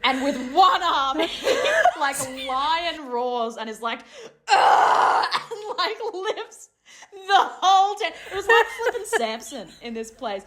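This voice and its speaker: Animated woman telling a story. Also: high voice, unhurried. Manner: lively, laughing, acts out her own shouts. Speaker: podcast co-host telling a story.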